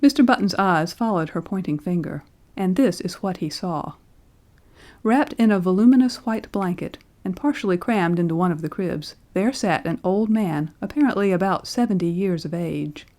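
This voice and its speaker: A woman narrating a classic story as an audiobook, in a measured, expressive reading. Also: fairly low pitch. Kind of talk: scripted literary narration.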